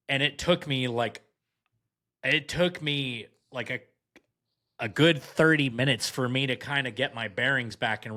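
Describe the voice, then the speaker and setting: Young dude telling a wild story on a podcast, bright voice, animated. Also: male voice, mid-range voice. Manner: animated anecdote, acts out quoted voices. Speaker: podcast guest. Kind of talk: casual storytelling chat.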